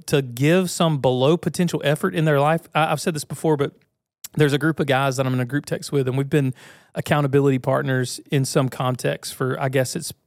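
In a clean, echo-free studio recording, a man with a fairly high voice hosts a motivational podcast. His monologue is earnest and conversational, with lots of restarts.

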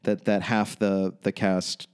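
A man's voice: low-pitched, flat delivery, slow pace, a little mellow, clear, resonant tone. A man co-hosting a podcast, chatting casually about a TV episode, rambling and swearing a lot, laughing often. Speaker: podcast co-host. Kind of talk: casual chat recapping a TV episode.

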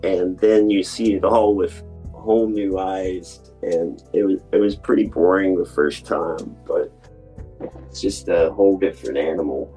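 Very deep, slow-talking man. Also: fairly even intonation, warm tone, slightly rough, faint music behind, low-quality recording. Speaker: podcast co-host. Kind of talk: casual chat.

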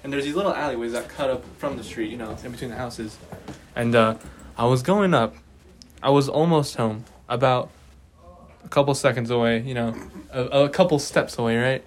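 A young man recounts a scary story to friends, getting louder and more excited as he goes. His voice is mid-pitched and ordinary, with casual, slangy phrasing. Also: a little fast. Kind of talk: casual chat.

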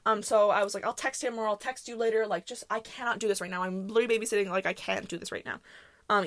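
A young woman hosting a podcast, telling chaotic stories from school in a casual, animated way, acting out the people she quotes. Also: medium pitch, rapid-fire. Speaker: podcast host. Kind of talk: casual storytelling.

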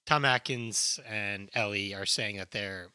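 A man's voice: on the low side, a little slow, pushed and bright, smooth, dry recording. A man co-hosting a podcast, recapping a film's plot casually and swearing freely. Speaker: podcast co-host. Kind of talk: casual film discussion.

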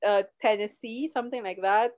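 A woman in casual chat, animated and teasing, laughing often as she recalls old movies. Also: mid-range voice, normal speed.

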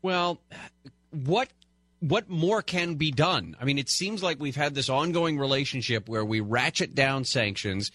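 A man's voice: medium pitch, lively intonation, unhurried, fairly bright tone, no room sound. A man co-hosting a talk radio show, chatting conversationally with fillers and restarts. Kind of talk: casual talk radio chat.

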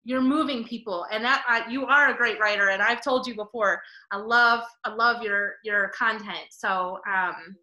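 A woman's voice: fairly high pitch, moderate pace, few pauses, sharp tone, echoey room. A woman hosting a podcast interview over a video call, gushing and emotional, rambling with many restarts. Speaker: podcast host.

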